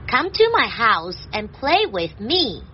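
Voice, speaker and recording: A woman translating a children's story and explaining vocabulary in a clear, gentle teaching voice. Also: on the high side, big pitch swings, slow pace, lo-fi sound, slight background noise.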